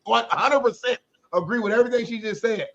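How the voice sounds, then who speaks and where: Guy co-host with a high voice, talks firm and pushes back, says homie a lot, kinda dull lo-fi audio. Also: brisk, fairly bright tone. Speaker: sports show co-host. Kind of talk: sports talk argument.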